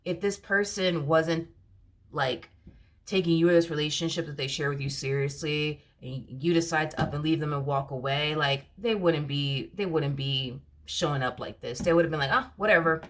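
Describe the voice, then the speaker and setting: A woman's voice: low voice, normal speed. A woman giving a casual spoken tarot reading, talking in an emphatic, direct and slangy way and repeating her points. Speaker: tarot reader.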